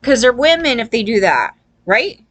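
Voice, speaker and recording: A woman's voice: fairly high pitch, very animated, moderate pace, a bit bright. A woman giving a loose, profane opinion rant to her viewers, often tagging lines with "right?" and acting out quoted people. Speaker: vlogger.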